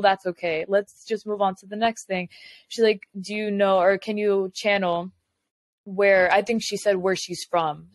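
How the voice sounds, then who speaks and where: A woman's voice: mid-range voice, no room sound. A woman telling a story in casual podcast chat, acting out both sides of a conversation with lots of "I was like.". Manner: animated retelling with quoted dialogue, frequent "I was like". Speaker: podcast guest. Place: lives in Florida.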